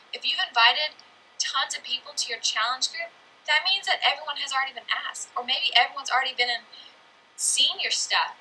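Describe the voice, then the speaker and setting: A woman's voice: high-pitched, slight background noise, rough recording. A young woman leading a team call, talking energetically and acting out what people say. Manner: energetic, acts out quotes. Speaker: team leader.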